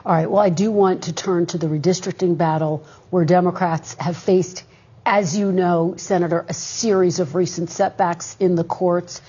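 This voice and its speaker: A woman news anchor puts brisk, pointed questions to her guest. Her voice is very husky and breathy, and the broadcast sound is dull and lo-fi. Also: on the low side, steady tone, warm tone.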